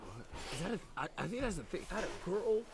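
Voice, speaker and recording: A man's voice: sits high, big pitch swings, fast talker, noisy background. A man hosting a casual reaction chat, incredulous and slangy, often laughing in disbelief. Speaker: podcast host reacting to clips.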